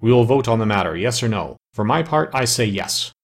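A man's voice: medium pitch, lively intonation, a little fast. A man voicing an abrupt, impatient male gnome king in a storybook. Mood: decisive. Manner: abrupt, curt.

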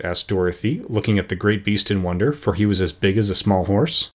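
A man reading a classic children's story aloud with steady, expressive pacing. His voice is low and husky. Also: fairly quick, few pauses. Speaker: audiobook narrator. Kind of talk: scripted narration.

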